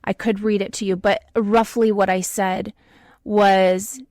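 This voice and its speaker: Woman w a higher voice preaching self-worth on her podcast, emphatic, dry close sound. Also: steady tone, unhurried, dry recording. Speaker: podcast host. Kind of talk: motivational talk.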